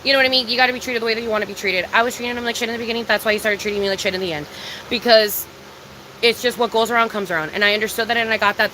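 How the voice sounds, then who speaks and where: This recording is low quality, with a little hiss or hum under a woman's slightly high, fairly bright voice. A young livestreamer, she chats confessionally with her viewers, emphatic, swearing a lot, and repeating herself.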